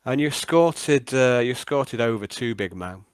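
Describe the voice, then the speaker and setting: A man's voice: mid-range voice, expressive, moderate pace, clean tone, no echo. A man, running a tabletop game as game master and narrating with hesitant starts. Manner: hesitant, many ums and restarts.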